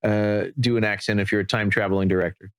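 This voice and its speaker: A man hosting a casual movie chat, relaxed and enthusiastic as he plays clips. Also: fairly low pitch, fast talker, smooth, dry recording. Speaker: podcast host and game master.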